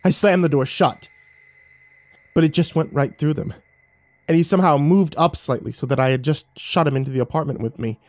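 A man's voice: a little high, brisk, a little mellow, no room sound. A man reading horror stories aloud, building tension and turning urgent in the action scenes. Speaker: horror story narrator. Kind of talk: dramatic horror story narration.

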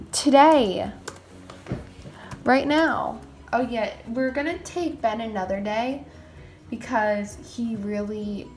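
A woman with a voice on the high side hosts a game roleplay video, playing a mom and talking casually and excitably with frequent exclamations.

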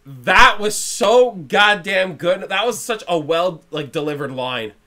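Bright, animated young man, swearing. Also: sits high, takes it slowly. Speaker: movie reaction co-host. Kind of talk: casual chat.

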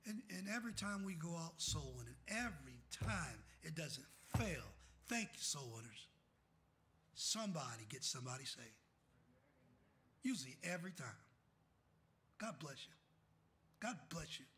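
A middle-aged man preaching a fiery sermon as pastor. He calls out questions for the congregation to finish and swings from shouting to soft, quiet asides. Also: on the high side, very animated, normal speed, pauses often, slight background noise. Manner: calls out "what?" for the congregation to fill in scripture.

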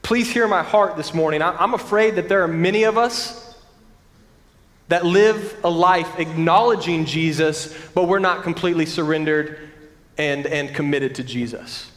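A pastor preaching a sermon in an earnest, conversational way with frequent restarts. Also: male voice, on the high side, moderate pace, a bit bright. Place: large church sanctuary. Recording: long church-hall reverb.

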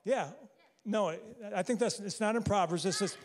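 Male pastor, higher voice, chatty sermon delivery that pulls answers from the congregation. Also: moderate pace, some chatter behind. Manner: conversational, quizzes the congregation. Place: church sanctuary.

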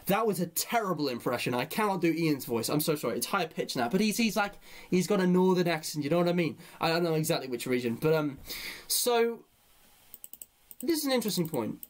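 A man's voice: high-pitched, big pitch swings, slight background noise. Rambling man thinking aloud. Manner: rambling, thinks aloud, slow while dictating. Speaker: streamer and commentator. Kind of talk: live-streamed opinion commentary.

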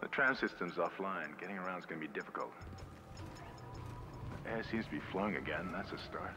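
An actor playing a commanding male ship crewman in a video game, giving brisk orders. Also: low-pitched, lightly acted. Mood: tense. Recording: game audio under loud music.

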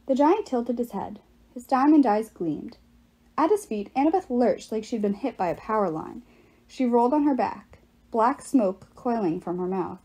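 A woman narrating a novel aloud with steady, expressive narration. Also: fairly high pitch, moderate pace, husky. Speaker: audiobook reader.

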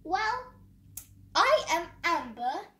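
Kid doing a flustered doll lady, super lively up and down, echoey room, keeps losing her thread. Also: very high-pitched, drawn-out words, exaggerated voice. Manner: rambling, fumbling for words.

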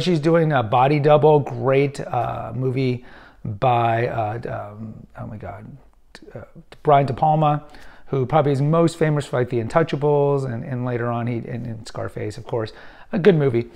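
A man's voice: mid-range voice, vocal fry, darkish tone. A man in his fifties who hosts a podcast, giving casual, opinionated film commentary and rambling with frequent restarts and fillers. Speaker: podcast host.

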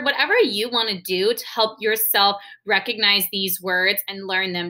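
A woman teacher leading a sight-word lesson for young children, talking clearly and spelling words out letter by letter. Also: on the high side, bright, forceful tone. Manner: slow, clear, enunciating and spelling words aloud for kids.

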